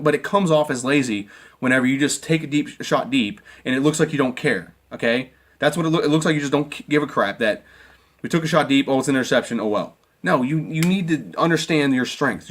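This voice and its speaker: A man's voice: mid-range voice, a bit bright. Exasperated man ranting about football. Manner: emotional, exasperated, repeats himself. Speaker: sports fan commentator. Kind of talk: ranting game review.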